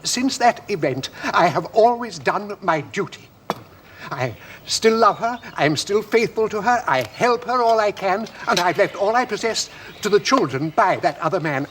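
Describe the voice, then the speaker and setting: A man's voice: sits high, lively intonation, moderate pace, a bit bright. An actor playing an earnest, formal man who speaks with pompous solemnity about duty, in a 1970s television play. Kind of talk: 1970s television drama acting. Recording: old television sound with faint hiss.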